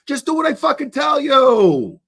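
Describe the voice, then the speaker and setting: Casting: a man putting on a loud, profane New York drunk man barking orders, higher than his own voice. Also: sing-song, fairly quick, heavily acted. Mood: bossy. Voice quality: crude, bossy, profane. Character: brash drunk male conspirator barking orders.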